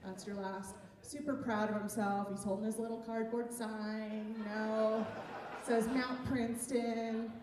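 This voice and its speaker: A woman's voice: fairly high pitch, flat delivery, measured pace. A woman doing a stand-up set on a comedy club stage, chatty and self-mocking, laughing at her own jokes. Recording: echoey room, far from the mic, noisy.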